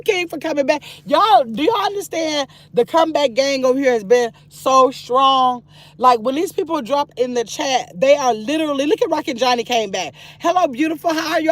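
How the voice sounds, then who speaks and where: An older woman hosting a casual livestream from her phone in a parked car, chatty and excitable, reading comments aloud and turning from sweet to sassy. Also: sits high. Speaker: livestream host reading chat.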